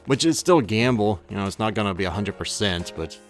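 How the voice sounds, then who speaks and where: A man's voice: fairly low pitch, expressive, quick pace, soft background music. A man giving casual, rambling commentary on his own gameplay, often correcting himself mid-thought. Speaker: let's play gamer.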